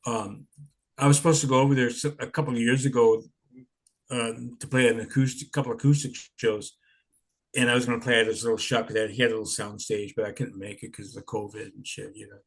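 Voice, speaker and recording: A man's voice: medium pitch, little pitch movement, fast talker, breathy edge. A man in his sixties telling stories in a rambling, laid-back way, swearing often. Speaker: interviewee, punk musician. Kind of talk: casual storytelling.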